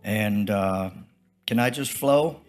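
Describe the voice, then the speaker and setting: A man's voice: lowish voice, takes it slowly, soft background music. An older man preaching a testimony-style sermon, telling stories in a folksy, rambling, repetitive way. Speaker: traveling preacher.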